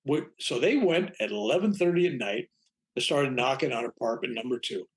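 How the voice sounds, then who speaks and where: With an animated, brisk, mid-range voice, an elderly reverend recounts a lengthy personal story during an interview. He rambles, performs the quoted dialogue, and restarts often, in a conversational, anecdotal way.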